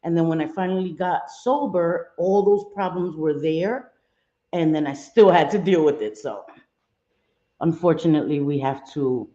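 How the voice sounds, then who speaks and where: Chatting with her viewers from home, this livestream host sprinkles in Spanish exclamations. She has a low, warm voice at a moderate pace, captured in an echoey room with dull lo-fi audio.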